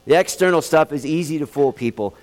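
A man preaching a sermon in an earnest, pleading way, slowing down to stress key words. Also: fairly high pitch, lively intonation. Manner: earnest, pleading, slows for emphasis. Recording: long hall reverb.

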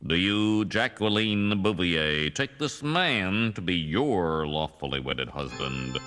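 A man's voice: deep voice, animated, slow pace, a bit bright, exaggerated voice. A man voicing a male cartoon minister, reading out wedding vows in a solemn, formal way. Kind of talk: cartoon voice acting.

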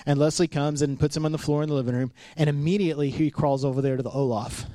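Man, 30s, pastor, conversational sermon, storytelling, fairly high voice. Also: fast talker, dry recording. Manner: storytelling, animated, acts out quotes.

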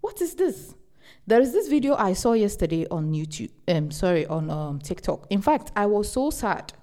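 A young woman hosting a podcast hands out casual relationship advice in a mid-range voice at a moderate pace. She's animated and emphatic, repeating words for stress.

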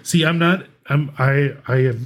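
A man co-hosting a podcast in casual chat, relaxed and teasing, mostly giving short replies. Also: mid-range voice, measured pace. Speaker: podcast co-host.

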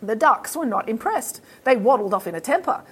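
A woman with an Australian accent telling a story to children in a playful, animated way. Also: a little high, normal speed, slight background noise. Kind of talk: storytelling for kids.

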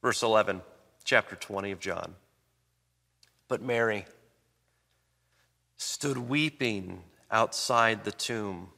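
A man preaching a sermon, reading scripture and then explaining it with emphatic swings in pitch and loudness. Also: slow, creaky, long pauses. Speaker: pastor. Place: church sanctuary. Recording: long reverb of a large hall.

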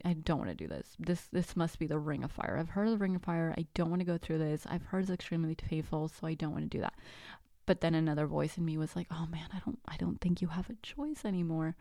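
A woman in her thirties hosting a podcast, telling a personal story in a casual, animated way, acting out the dialogue and sometimes dropping to a whisper. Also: fairly low pitch, dry recording, clean studio sound. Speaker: podcast host.

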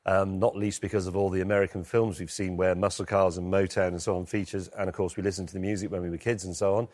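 A man's voice: low-pitched, little pitch movement, fast talker, darkish tone. A British man speaking as an interview guest over a remote link, hesitant and full of fillers, with a dry, wry way of putting things. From Britain. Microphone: remote line from London.

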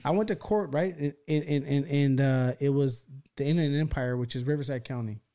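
A man's voice: mid-range voice, fairly quick. A man on a podcast telling a wild story in rambling, profane casual talk, full of restarts and acted-out quotes. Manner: animated, acts out quoted voices.

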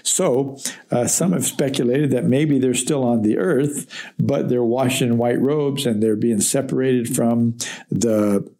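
Man, Bible teacher, gravelly, mellow dark tone, reflective and conversational. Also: mid-range voice, measured pace. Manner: reflective, conversational, with gentle fillers.

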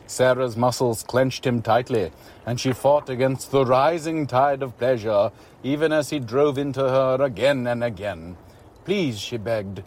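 A man's voice: mid-range voice, a little mellow, slight background noise. Man steadily narrating a story. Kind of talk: scripted narration of an erotic story.

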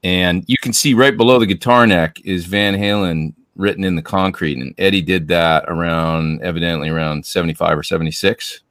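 A man's voice: sits low, fairly even intonation, fairly quick, few pauses, fairly bright tone, no room sound. A man hosting a casual chat, enthusiastic and chatty. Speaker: show host.

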